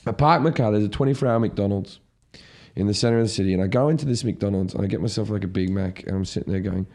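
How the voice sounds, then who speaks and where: A man, a comedian and podcast host, telling a story in casual chat, growing loud and animated as the tension builds. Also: on the low side, fast. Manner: animated, grows loud and excited at the story's peak.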